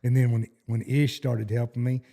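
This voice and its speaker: A man's voice: medium pitch, flat delivery, moderate pace, gravelly, mellow. A middle-aged man with a Texan accent, telling cowboy stories in a casual interview, rambling and restarting his sentences in a folksy way. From Texas. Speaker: horseshoer guest.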